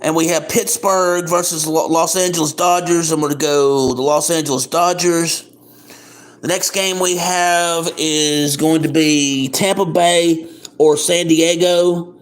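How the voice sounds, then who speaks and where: A man talks casually as the host of a livestream, in a voice pitched a little high. He reads through a list at an easy pace, often filling gaps with ums and repeating himself. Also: steady tone. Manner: plain, unhurried, with frequent ums and repeats. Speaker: livestream host making baseball picks.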